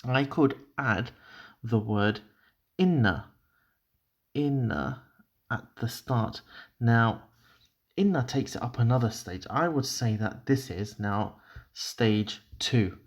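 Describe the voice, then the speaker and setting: A man's voice: medium pitch, expressive, slow pace, pauses often. A man teaching Arabic grammar, explaining step by step while he writes, with many fillers, restarts and apologies.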